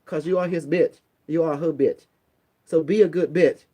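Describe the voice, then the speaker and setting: A man from Cambodia talks casually and bluntly, handing out streetwise advice like a preacher. His voice sits fairly high for a man. He slips into little acted quotes to make his point. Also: fairly even intonation, moderate pace, warm tone. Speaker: online talk host. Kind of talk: casual motivational talk.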